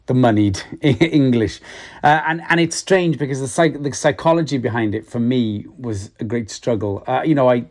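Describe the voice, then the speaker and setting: A middle-aged Welsh man, an actor, giving reflective interview answers with many restarts. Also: lowish voice. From Wales. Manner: halting, many restarts, soft laughs.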